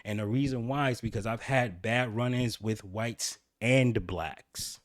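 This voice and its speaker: A man's voice: mid-range voice, measured pace, dry recording, clean studio sound. A man hosting his own channel, candidly telling a personal story in a rambling way with frequent restarts. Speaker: channel host.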